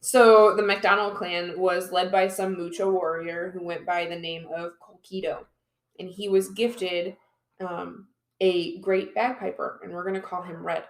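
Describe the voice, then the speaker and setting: A woman telling a history story on a casual podcast, playful and animated. Her voice sits a little low. The room around her adds a noticeable echo. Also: a little slow.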